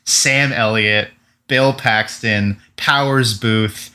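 A man's voice: fairly low pitch, steady tone, extremely slow, bright, forceful tone, a little hiss or hum. A young man co-hosting a casual podcast chat, talking loosely with lots of filler words and some swearing. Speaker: podcast co-host.

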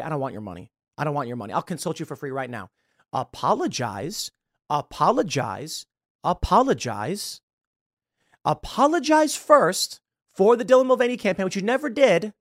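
A man's voice: fairly high pitch, no room sound, clean studio sound. A man hosting a political podcast, talking through a sarcastic, mocking commentary monologue. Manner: sarcastic, animated, mocking asides. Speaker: podcast host.

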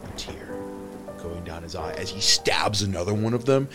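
Low-voiced man narrating a tabletop game. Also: moderate pace, over music. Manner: animated storytelling, swinging between hushed and loud. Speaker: game master.

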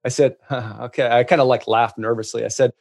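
A man telling travel stories as a guest in casual chat, restarting often and getting lively in the punchlines. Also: mid-range voice, fast. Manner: animated storyteller, many restarts.

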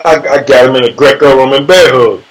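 Brisk and mid-range, this man's voice comes through poor audio as he shares a sparring tale in casual talk. He's profane and boastful, laughing along and acting out the hits with sound words.

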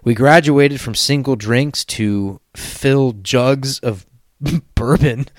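A man reads a listener's story on a casual podcast, breaking off for crude jokes and laughter. His voice sits at an ordinary middle pitch and is recorded close and dry, with no room sound. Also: takes it slowly, dry recording.

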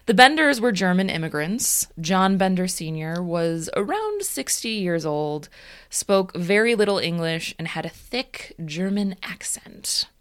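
A woman's voice: on the low side, big pitch swings, a little slow, clean tone. A woman podcast host narrating a story in a casual, wry way, with fillers.

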